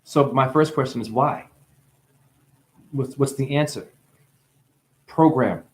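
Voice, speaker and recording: Jersey-accented man, livestream rant, swearing, loud bursts then hushed musing, middle pitch. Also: slow pace. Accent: New Jersey. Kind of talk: rambling spiritual monologue.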